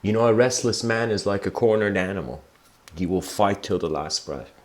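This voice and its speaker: A man giving a livestreamed spiritual talk, telling stories reflectively and slowing down for emphasis. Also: fairly low pitch. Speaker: spiritual lecturer.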